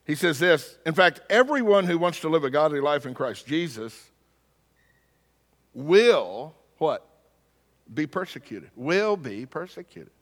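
A man preaching a sermon, telling a story with wry humor and lively delivery. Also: on the high side, moderate pace, in a large hall. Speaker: pastor.

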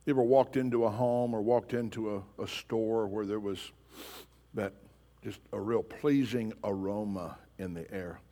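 Slightly slow and mellow, a pastor with a low-side voice and fairly even intonation preaches emphatically, pressing the congregation with pointed questions. His words echo with the long reverb of a large hall in the church sanctuary.

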